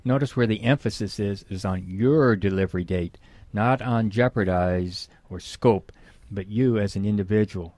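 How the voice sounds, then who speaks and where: A man's voice: on the low side, moderate pace, warm tone, no echo. A middle-aged man, a guest expert, explaining in conversation to an interviewer and acting out example phrases with emphasis.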